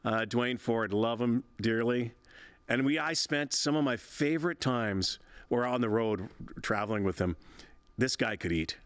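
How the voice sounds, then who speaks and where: A man's voice: mid-range voice, unhurried, clean tone. A man in his sixties, a veteran broadcaster and interview guest, telling stories in a chatty, rambling way with frequent laughs and restarts. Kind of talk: casual interview storytelling.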